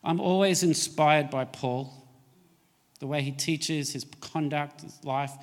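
A man's voice: fairly high pitch, takes it slowly, in a large hall. A man preaching a sermon as a pastor, pressing his points with emphatic, rising delivery.

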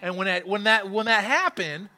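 Speaking at a moderate pace, a male pastor uses a high-pitched voice that is bright and forceful. He preaches in a church sanctuary, sharing a testimony and emphatically repeating his points.

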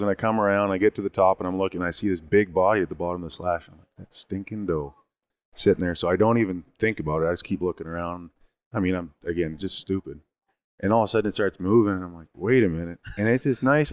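A man casually telling a long story in an animated, rambling way, often restarting his sentences. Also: low voice, quick pace, dry recording. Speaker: guest telling a hunting story.

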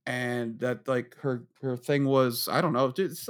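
A man's voice: mid-range voice, fairly even intonation, measured pace. A man chatting casually on a podcast, rambling and swearing, often laughing as he tells stories. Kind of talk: casual chat.

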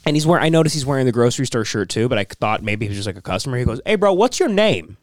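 A man's voice: medium pitch, rapid-fire, no echo, clean studio sound. A man co-hosting a podcast, chatting casually and rambling through anecdotes in a loose, conversational way. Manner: rambling storyteller, acts out quotes in other voices. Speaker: podcast co-host. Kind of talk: casual chat.

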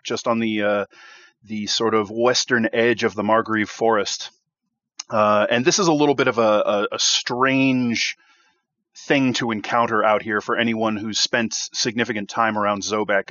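A man acting as game master recaps the last session of a tabletop game in a measured, storytelling voice, filling pauses with uh. His voice sits in the middle of the male range. The sound is dry and lo-fi, with no room echo. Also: mid-range voice, fairly bright tone. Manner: measured storytelling with many fillers. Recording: dull, lo-fi sound.

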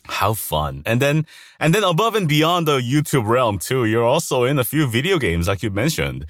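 Playful host with swooping intonation. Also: male voice, medium pitch, moderate pace, dry recording, studio quality. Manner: very lively intonation, playful, laughs along. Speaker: interview host. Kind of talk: casual interview questions.

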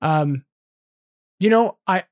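A man's voice: high voice, animated, takes it slowly, darkish tone. Earnest man in his forties ranting. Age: 40s. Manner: earnest, frustrated ranting with many "like" fillers. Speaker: podcast host. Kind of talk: solo podcast monologue.

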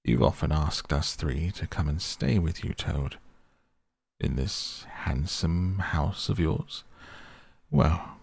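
A man voicing a stern, dignified old male badger who speaks gravely and firmly. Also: extremely low pitch, darkish tone, full character voice. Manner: grave, firm and measured.

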